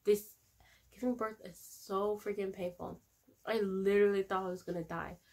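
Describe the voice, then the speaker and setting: A young woman, telling a personal story in a casual vlog, candid and animated, often laughing and acting out her own pleas. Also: mid-range voice, normal speed. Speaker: vlogger.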